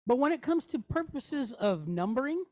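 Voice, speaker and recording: A woman teaching a Hebrew class, explaining patiently, sounding out letters and syllables slowly, and checking in with her students with a frequent "okay?" and "right?". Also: sits high, very animated, dark tone. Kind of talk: classroom lesson.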